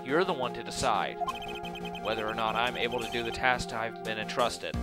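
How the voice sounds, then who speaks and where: A composed young lawyer speaks low, quiet and measured, as a man puts him on. He sounds earnest and steady. Game music plays clearly behind. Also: lightly acted. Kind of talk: video game voice-over.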